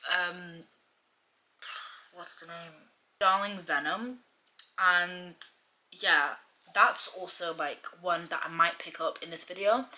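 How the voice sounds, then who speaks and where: A woman's voice: on the low side, bright, forceful tone. A young woman chatting casually in a reading vlog, rambling with lots of "like" and restarts. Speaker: book vlogger.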